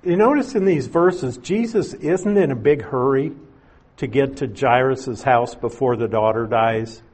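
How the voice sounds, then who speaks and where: A man with a husky, slightly breathy voice preaches through a Bible passage. He explains verses in a plain way and drops in casual asides. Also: mid-range voice, measured pace, a little mellow. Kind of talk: expository sermon.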